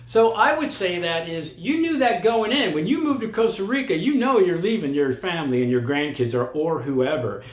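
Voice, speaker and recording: An older man speaks in a frank, challenging monologue, calling out his listeners directly. His voice sits a little high for a man. The sound carries a roomy echo. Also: lively intonation, normal speed, few pauses. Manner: blunt, challenging, talks straight at the viewer. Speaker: vlogger giving expat advice. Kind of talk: casual monologue to camera. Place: lives in Costa Rica.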